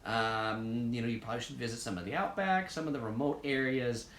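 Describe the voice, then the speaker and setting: A man's voice: medium pitch, a little fast, a bit bright, echoey room, a little hiss or hum. An American man hosting a casual live chat and answering viewer comments, rambling along with lots of ums, uhs and likes. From United States.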